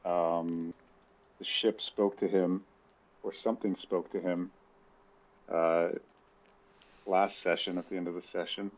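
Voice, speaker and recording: A man's voice: low-pitched, level tone, slow pace, long pauses, muffled recording. A man playing a tabletop role-play game over voice chat, explaining his moves in a hesitant way with many fillers. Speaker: player.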